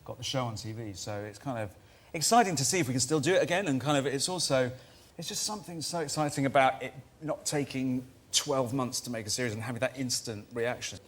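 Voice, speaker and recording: A man's voice: mid-range voice, fast. Male comedy guest, mid-range voice, chatty and a little hesitant. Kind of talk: chat show interview. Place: TV studio.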